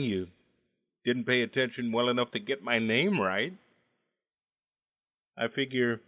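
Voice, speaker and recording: This storyteller, a man in his forties, delivers a comedic monologue of family anecdotes with dry wit and well-timed punchlines. He speaks in a mid-range voice that has a fairly bright tone.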